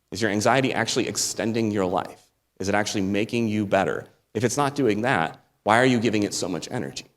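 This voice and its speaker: An American man giving a sermon as a guest preacher, talking it through in a relaxed, conversational way with asides and small laughs. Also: fairly low pitch. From United States. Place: church sanctuary. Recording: long hall reverb.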